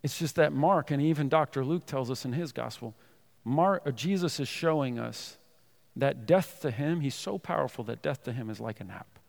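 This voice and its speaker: A man preaching a sermon, reading scripture loudly and then dropping to soft, tender tones to make a point. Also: mid-range voice, moderate pace, vocal fry. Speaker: pastor.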